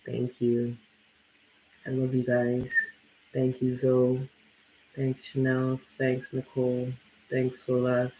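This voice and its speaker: A man's voice: mid-range voice, completely flat delivery, unhurried, roomy sound, muffled recording, a little hiss or hum. A man hosting a tarot live stream, chatting casually and bluntly with plenty of swearing while reading viewer comments aloud. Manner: casual, blunt and profane, lots of "like".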